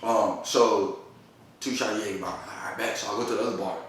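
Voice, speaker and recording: A man's voice: fairly low pitch, fairly even intonation, brisk, very noisy. A man telling a long story in casual chat, rambling with lots of slang and laughter. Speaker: podcast host. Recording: roomy echo, a bit far from mic.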